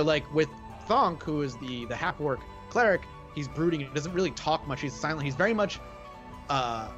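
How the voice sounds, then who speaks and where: A man's voice: mid-range voice, highs cut off. A man appearing as a guest on a live chat stream, agreeable and earnest as he describes playing characters. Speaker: guest player.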